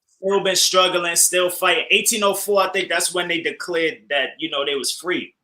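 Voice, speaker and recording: A man co-hosting a talk show, speaking in an animated way and often calling the listeners family. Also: high voice, moderate pace, noisy background. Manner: animated, repeats phrases, addresses listeners as family. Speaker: co-host. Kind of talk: casual commentary.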